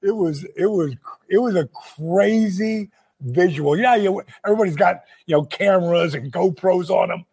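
A man with a husky, rather high voice tells a story on a podcast. He is animated and playful, acting out the other people in the story and breaking into laughter as he goes. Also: normal speed. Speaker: podcast host. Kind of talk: casual storytelling chat.

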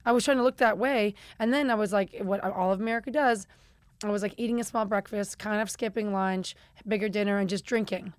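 A woman's voice: medium pitch, steady tone, brisk, no echo, studio quality. A middle-aged woman from Chicago, a guest chatting candidly and acting out quotes, with casual swearing. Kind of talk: candid conversational storytelling.

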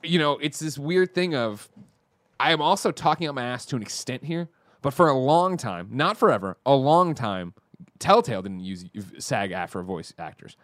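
A man co-hosting a podcast in casual chat, talking in an animated, rambling way and correcting himself mid-sentence. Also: mid-range voice, normal speed, no echo, studio quality. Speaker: podcast co-host.

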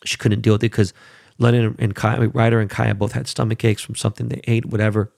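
Gravelly-voiced father ranting heatedly. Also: on the low side, little pitch movement, brisk, a little mellow, no echo, studio quality. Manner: heated, swears, repeats himself. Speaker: father telling a story. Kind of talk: casual monologue to viewers.

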